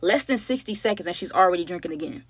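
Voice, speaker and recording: A woman's voice: lowish voice, animated, fast talker, dry recording. Female vlogger, casual slangy storyteller, talks straight to viewers; dry, close recording. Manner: chatty, slangy, keeps addressing viewers directly.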